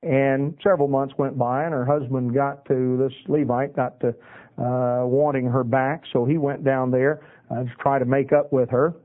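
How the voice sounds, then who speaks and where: A man preaching a sermon, retelling Bible passages in a folksy way with many pauses and uhs. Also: mid-range voice, steady tone. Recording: tinny phone-like radio broadcast.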